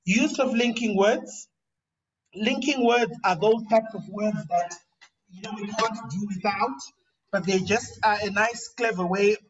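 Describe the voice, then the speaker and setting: A man's voice: high voice, measured pace, a crowd in the background. A man lecturing as a professor, conversational, often repeating words and restarting phrases. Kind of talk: lecture on academic writing. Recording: dull, distant lo-fi recording.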